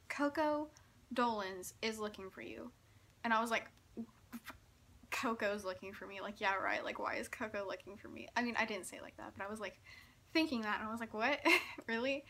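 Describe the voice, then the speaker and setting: A young woman telling a story in a casual vlog, giggling often and talking in an excitable, breathless way full of fillers. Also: fairly high pitch. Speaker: vlogger.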